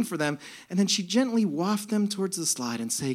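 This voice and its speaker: A man's voice: on the high side, very animated, fairly quick, few pauses. A man telling a comic story on a live stage, sardonic, with bursts of mock outrage. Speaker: storyteller performer. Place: stage before a laughing audience.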